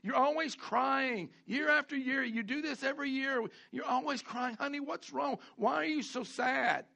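A man voicing a gentle, doting husband who coaxes and consoles his wife in a higher, tender voice. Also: normal speed, vocal fry, full character voice. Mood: coaxing. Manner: coaxing, tender, higher pitched.

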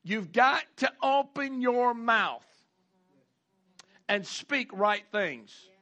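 Male pastor, high bright voice, folksy sermon delivery with call-and-response. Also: animated, muffled recording. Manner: folksy preaching with call-outs, repeats and drawn-out emphasis.

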